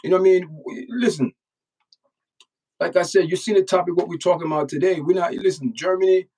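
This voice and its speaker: A man's voice: high voice, a little fast, a little mellow, distant mic, poor audio. A man from Jamaica with a Jamaican accent, hosting a casual livestream and lecturing his chat with emphatic, repetitive phrasing. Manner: emphatic, repeats words, lectures the chat directly. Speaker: channel host reacting to news and chat.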